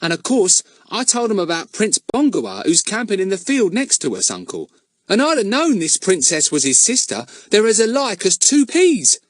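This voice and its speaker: A man's voice: high-pitched, huge pitch swings, normal speed, dry recording, clean studio sound, voice pushed up. A man voicing Ern, an anxious, earnest boy eager to please, in a storybook reading. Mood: eager pleading.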